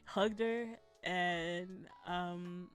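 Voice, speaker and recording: A woman giving a blunt, animated, profane commentary in a casual vlog, laughing often. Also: fairly low pitch, very slow, faint music behind. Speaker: vlogger reviewing a documentary.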